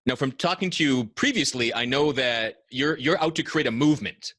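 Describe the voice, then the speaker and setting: A man hosting a podcast interview, halting and hesitant, with many fillers and restarts. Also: medium pitch, a bit bright, dry recording. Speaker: podcast host. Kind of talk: casual interview chat.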